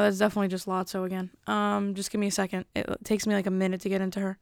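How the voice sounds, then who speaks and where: A woman's voice: medium pitch, monotone, quick pace, creaky, clear, resonant tone, no room sound, studio quality. A young woman vlogger chatting casually and rambling, often interrupting herself. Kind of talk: casual rambling chat to camera.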